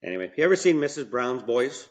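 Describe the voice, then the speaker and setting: A mechanic who owns a franchise tells stories as a podcast guest, speaking fast in a medium-pitched, sing-song voice. His casual interview talk is colloquial and rambling, full of restarts and side comments.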